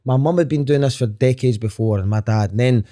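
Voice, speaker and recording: A man's voice: mid-range voice, brisk, warm tone. A Scottish comedian in his thirties, talking as a podcast guest in a frank, earnest way, telling stories and swearing casually. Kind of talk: candid conversational storytelling.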